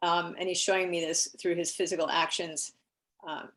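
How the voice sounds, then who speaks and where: A woman with a somewhat low voice who talks in a chatty, easygoing way, often breaking into light chuckles. She relays impressions from a pet during an online reading. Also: level tone, normal speed, a bit bright. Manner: light laughter, chatty, frequent fillers. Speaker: animal communicator.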